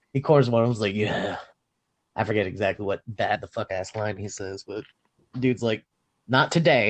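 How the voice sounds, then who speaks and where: A man's voice: medium pitch, lo-fi sound. A man co-hosting a casual podcast, retelling a film scene by scene with swearing and bursts of acted-out lines. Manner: animated storytelling, swearing, acting out lines. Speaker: podcast co-host recapping a film. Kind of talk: casual chat.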